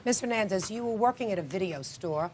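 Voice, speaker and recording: A woman presiding as a TV judge, questioning parties in a brisk, direct way. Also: medium pitch, animated, a little mellow, slight background noise. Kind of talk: courtroom questioning.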